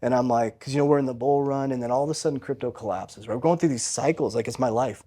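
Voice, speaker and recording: A man's voice: mid-range voice, fast talker, warm tone. Earnest man telling his story. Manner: earnest, often tags lines with "right?". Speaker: podcast guest, financial coach. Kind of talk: candid personal storytelling.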